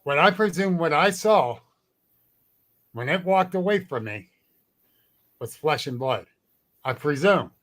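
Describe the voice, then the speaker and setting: A cryptid researcher guesting on a casual storytelling chat has a slightly high, fairly bright voice with lively intonation. He keeps a measured pace and pauses often, telling his stories bluntly with lots of cursing and laughing often.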